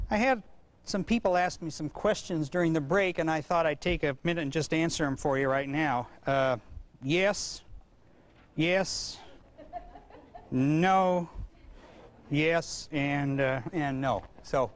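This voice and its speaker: A man's voice: fairly high pitch, slow pace, pauses often. A man giving a parenting lecture, telling folksy stories and acting out the voices. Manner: folksy, animated storyteller who acts out voices. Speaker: parenting seminar speaker. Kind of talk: lecture with anecdotes.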